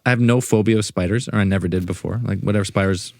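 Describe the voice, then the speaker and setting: A man's voice: lowish voice, fairly even intonation, quick pace, a little mellow, no room sound, studio quality. A man co-hosting a podcast, telling a rambling, laid-back story. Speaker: podcast co-host. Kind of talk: casual storytelling.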